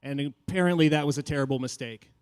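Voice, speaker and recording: A man doing animated stand-up comedy as host of a live show on a handheld mic. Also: quick pace, clear, resonant tone. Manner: animated, jumps to high shouts in quoted asides.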